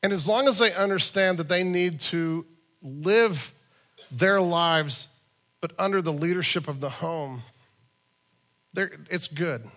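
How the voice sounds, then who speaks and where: A man's voice: a little high, takes it slowly, long pauses, fairly bright tone. A man in his forties preaching a sermon in a conversational, storytelling way, with emphatic asides. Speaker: pastor.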